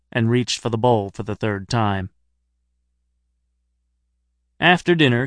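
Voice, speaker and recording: A middle-aged man reading an audiobook aloud, wry and deadpan in his humor. His voice sits at an average male pitch, recorded dry and close with no room sound. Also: no echo. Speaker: narrator. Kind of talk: scripted audiobook narration.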